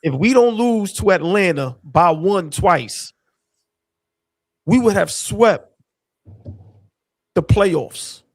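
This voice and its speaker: A fairly high-voiced man pours out raw excitement as he hosts a fan sports stream. His talk is loose and slangy, full of emotion he says he cannot hold in. The sound is dry and close, with no room around it. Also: slow, long pauses, dry recording. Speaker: sports show host. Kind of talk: excited post-game fan reaction.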